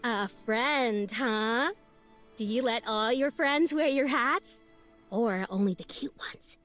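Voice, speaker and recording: A woman's voice: on the high side, slow pace, a bit bright, faint music behind. A woman voicing a nosy, teasing volunteer in a visual novel, with a sing-songy, playfully prying manner.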